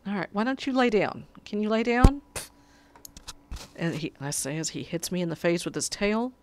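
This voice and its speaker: A woman's voice: medium pitch, normal speed, darkish tone. A woman giving casual gameplay commentary, muttering to herself and pleading with her cat at her desk. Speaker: gamer.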